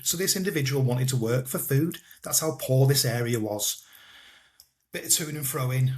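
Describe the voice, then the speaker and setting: A man, telling his own life story in an interview, halting and repeating himself, often trailing off quietly. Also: medium pitch, expressive. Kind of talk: personal storytelling in a podcast interview.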